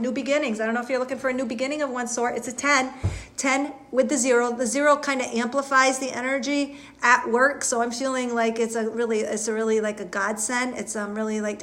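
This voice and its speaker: Woman host, slightly high voice, earnest and halting, live spiritual reading to viewers. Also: steady tone, a bit bright. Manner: earnest, repetitive, halting with fillers and restarts. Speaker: intuitive reader and host.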